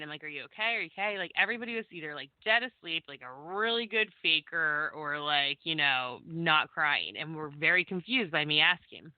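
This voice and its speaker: A woman's voice: on the low side, no echo. A woman from Vermont and New Jersey, a radio guest telling a ghost story with lots of "like" fillers. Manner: chatty, many "like" fillers, acts out her teen self. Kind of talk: casual storytelling on a call-in radio show. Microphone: phone call. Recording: tinny phone line, dry.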